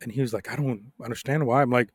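Profane, animated podcast storyteller man. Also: mid-range voice, fast talker, husky, no room sound, studio quality. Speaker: podcast co-host.

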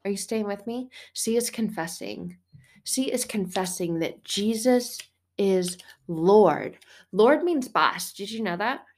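A woman's voice: medium pitch, unhurried, slight background noise. Chatty middle-aged woman podcasting about faith. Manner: chatty and animated, laughing, swearing, acting out quotes. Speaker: podcast host. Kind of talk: casual faith podcast monologue.

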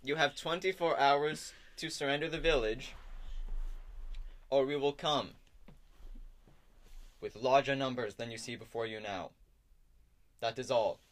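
A man voicing a self-important male troop leader who keeps repeating his own title in a loud, proclamatory way. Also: mid-range voice, steady tone, a little slow, long pauses, pitched above the performer's own voice, natural voice. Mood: pompous. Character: pompous human male troop leader in garish noble clothes.

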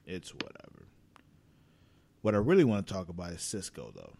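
A man's voice: deep voice, moderate pace, creaky. A man in casual chat about a TV episode, swearing freely and acting out the characters' lines in quotes. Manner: profane, animated, acts out characters' lines in quotes.

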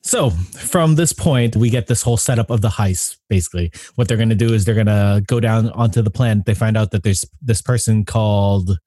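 A man hosting a casual chat, animated and often laughing as he acts out his reactions. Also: fairly low pitch, fairly quick, few pauses, no echo, studio quality. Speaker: podcast host.

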